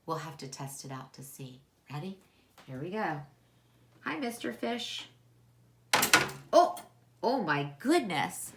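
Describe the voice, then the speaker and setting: Slow sing-song kindergarten teacher woman. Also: sits low, a bit bright, slight background noise. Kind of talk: children's lesson.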